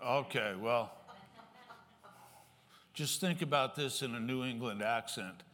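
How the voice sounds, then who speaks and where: A man filling in for the pastor, telling a joke to the congregation in a halting, folksy way with many fillers. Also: mid-range voice, fairly bright tone. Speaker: lay speaker filling in for the pastor. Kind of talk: casual church talk, telling a joke. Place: church sanctuary. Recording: long reverb from a church hall.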